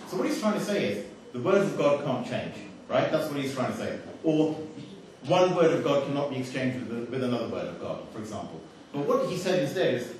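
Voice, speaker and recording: Man, conversational lecturer who quizzes the room, mid-pitched, heard from a distance in a very echoey hall. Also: lively intonation, fairly quick, a little hiss or hum. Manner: conversational, asks the audience questions, wry humour. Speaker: speaker giving a religious talk. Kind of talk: lecture to an audience. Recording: echoey hall, voice from far off the mic.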